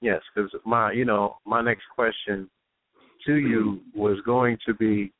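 A man hosts a casual radio discussion, building long, searching questions in a lowish voice. His sound is dry and close, with no room around it. It comes through a thin, phone-like line. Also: fairly even intonation, slow pace, dry recording. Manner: long searching questions with frequent "you know what I'm saying".

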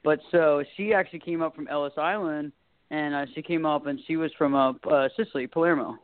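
A woman's voice: sits low, fairly even intonation, a little fast. A middle-aged woman with a light Southern, Texas-drawl accent, chatting as a guest and telling rambling stories. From Southern United States. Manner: chatty, laughing, rambling storyteller. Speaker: guest, talk show host and life coach. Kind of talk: casual interview chat. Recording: tinny phone line.

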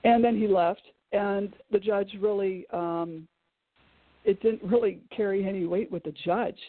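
Middle-aged woman, author guest, animated storytelling, fillers and restarts, phone-like dry audio. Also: medium pitch, unhurried, no room sound. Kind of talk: emotional personal storytelling. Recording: tinny call-like audio, dry.

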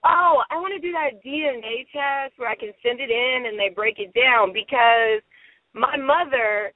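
Chatty woman guest from Ohio, phone-line sound, animated storyteller. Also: on the high side, normal speed, dry recording. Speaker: guest matchmaker. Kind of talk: casual phone interview. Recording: tinny phone line, dry.

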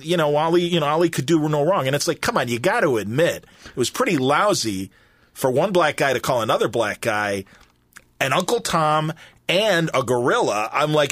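A man in his fifties hosting a podcast in a studio, telling stories in a lively, chatty way. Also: a little high, no echo. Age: 50s. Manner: animated storytelling with quoted voices. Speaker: podcast host. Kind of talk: casual chat. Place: recording studio.

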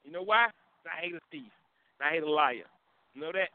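Man, call-in show host, rambling slangy storytelling, fairly high voice, phone-line sound, faint music. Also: expressive, brisk, clean tone, no room sound. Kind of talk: casual call-in chat.

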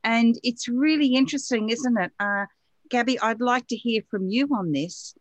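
A woman hosting a live-streamed online radio show who warmly welcomes viewers by name, with hesitant fillers. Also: a little high, moderate pace, no room sound.

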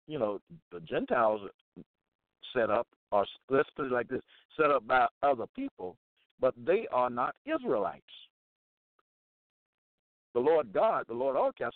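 A man preaching and reading Bible verses aloud, repeating phrases emphatically and deliberately. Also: mid-range voice, no room sound. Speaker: Bible teacher. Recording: dry tinny phone-like sound.

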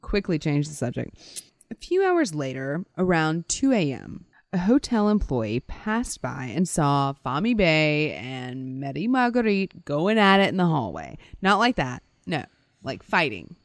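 Animated woman telling a story. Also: low-pitched, unhurried, dry recording. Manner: animated, acts out quotes with playful voices. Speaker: podcast co-host. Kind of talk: casual storytelling chat.

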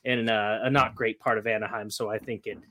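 A man from Northern California co-hosting a podcast, telling a story in a lively way and acting out the quotes. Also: lowish voice, fairly quick, a little hiss or hum. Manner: animated storyteller, acts out quotes. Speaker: podcast co-host. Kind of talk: casual storytelling.

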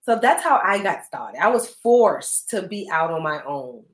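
A woman's voice: lowish voice, very animated, unhurried, reverberant. A woman guest who runs an accounting business, talking candidly and telling her story in a rambling, casual way. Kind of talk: casual interview chat.

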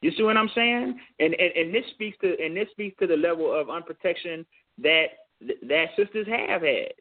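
A man's voice: a little high, moderate pace. A man co-hosting a call-in talk show, speaking emphatically and often repeating himself. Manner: emphatic, repeats phrases, says "you know what I'm saying". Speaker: co-host. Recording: tinny phone-line sound.

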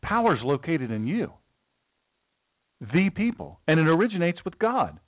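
A male talk show host rails through a heated political monologue from his studio, hammering points home and tripping over restarts. His voice sits a bit high. The sound is dry and thin, like a phone line. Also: sing-song, unhurried, no echo. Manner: emphatic, repetitive, stammering restarts.

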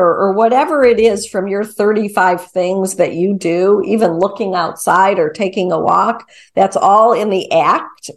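A woman guest, a mindfulness teacher, talking through her method in a casual, upbeat interview conversation. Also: medium pitch. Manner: upbeat, animated explaining.

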